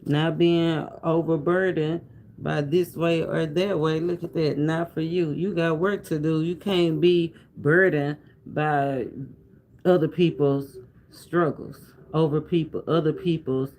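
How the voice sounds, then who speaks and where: A man's voice: a little high, steady tone, slow pace, a little mellow, slight background noise, poor audio. A man giving a casual tarot reading to viewers, talking in a loose, repetitive, preacher-like rhythm with asides to the audience. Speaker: tarot reader.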